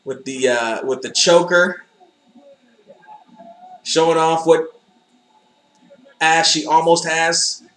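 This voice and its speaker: A man's voice: on the high side, slow pace, pauses often, a bit bright, reverberant. A man casually reacting to old wrestling footage, sarcastic and joking, swearing freely. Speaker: commentator watching wrestling footage.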